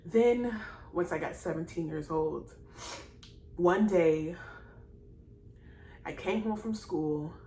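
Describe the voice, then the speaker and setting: A young woman with a low voice tells her own story straight to camera, rambling and circling back on herself. She is emotional and keeps apologizing as she goes. The room around her rings with echo, and a faint hiss sits underneath. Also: takes it slowly, long pauses, mellow. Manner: rambling and repetitive, speaks straight to viewers; emotional, apologizing and laughing through tears. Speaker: vlogger. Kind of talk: casual personal storytelling to camera. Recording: echoey room with faint noise.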